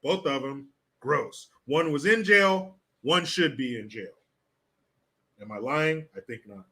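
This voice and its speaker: A man's voice: medium pitch, animated, takes it slowly, bright, forceful tone. A man hosting a casual political commentary livestream, sarcastic and blunt, swearing freely.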